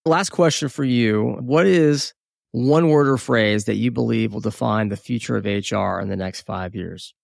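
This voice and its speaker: A man's voice: mid-range voice, moderate pace, gravelly, no echo, studio quality. A man hosting a podcast, agreeing with his guest and asking questions. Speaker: podcast host. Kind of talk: interview questions.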